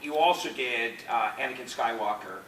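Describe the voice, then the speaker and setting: Guy moderating a con panel, bright voice, far off in an echoey room. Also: medium pitch, normal speed, a little hiss or hum. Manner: enthusiastic, reacting often. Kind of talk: convention panel questions. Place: convention hall.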